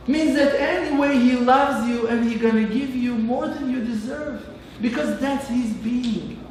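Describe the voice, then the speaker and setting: High-pitched man preaching in an echoey hall. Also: a bit bright, a little hiss or hum. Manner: impassioned preaching with long rhythmic lists. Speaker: rabbi. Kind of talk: sermon. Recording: echoey room from far off.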